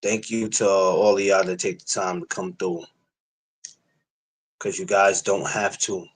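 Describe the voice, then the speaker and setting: A man's voice: low-pitched, little pitch movement, measured pace, low-quality recording. A man hosting a boxing podcast, chatting loosely with his audience in slangy greetings and asides. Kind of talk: casual livestream podcast chat.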